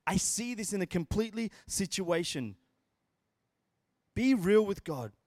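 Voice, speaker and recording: A man's voice: high voice, animated, unhurried, a little mellow, no echo, studio quality. A man preaching a sermon as a pastor, earnest and emphatic, repeating his phrases.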